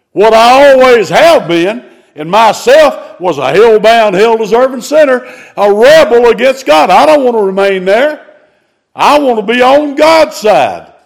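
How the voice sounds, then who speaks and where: A man delivers a sermon in a high, gravelly voice. He speaks slowly and emphatically, and his pitch swings widely as he preaches. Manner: emphatic, drawn-out preaching with sudden rises in pitch.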